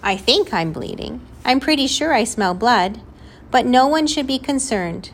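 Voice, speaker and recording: A woman voicing a small anxious boy with a high, thin voice who talks in a fretful, overly formal way. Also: animated, measured pace.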